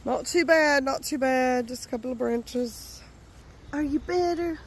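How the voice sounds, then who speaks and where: A woman's voice: high voice, unhurried, a little hiss or hum. A woman outdoors on a farm, talking casually to her animals in cooing baby talk and laughing often, recorded on a handheld phone. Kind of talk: casual chat.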